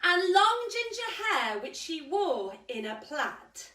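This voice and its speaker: A woman's voice: very high-pitched, very animated, slow pace, sharp tone. A woman leading a live kids yoga class, reading a story aloud with cheerful, encouraging instructions. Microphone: live stream camera mic at a distance. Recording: echoey room, mic at a distance.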